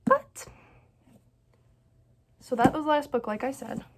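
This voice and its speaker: With a high, husky voice and an unhurried delivery, a female book vlogger does a casual reading wrap-up of books she loved. She's gushing and bubbly, rambles, keeps restarting sentences, and fills it with "like" and "so good."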